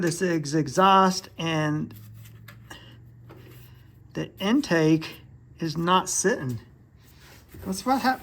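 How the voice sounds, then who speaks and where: A relaxed, plain-spoken small engine repair technician thinks aloud during a casual hands-on walkthrough in his repair shop. His voice is mid-range, and there is background noise.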